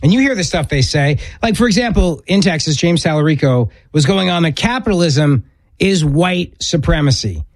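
A male talk radio host with a lively, swinging delivery and a slightly higher voice. He pushes his opinions emphatically, tumbling through quick restarts. The sound is dry and close, with no room around him. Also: no echo. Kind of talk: political talk radio commentary.

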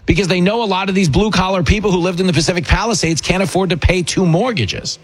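A man's voice: high voice, fast. A middle-aged man hosting a talk radio show, giving mocking political commentary full of jokes and mimicked voices. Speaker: radio talk host and comedian.

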